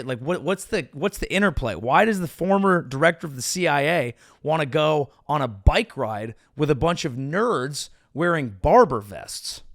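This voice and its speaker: Sarcastic rambling comedian host. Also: male voice, dry recording, clean studio sound. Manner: sarcastic, rambling, animated with pitch jumps. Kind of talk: casual comedic commentary.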